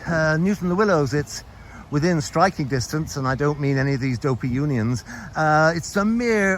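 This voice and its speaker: This medium-pitched male voice comes with a little hiss or hum. It belongs to an Englishman who rambles and jokes with viewers while leading a walking tour through a town park, shooting on a handheld camera as he walks.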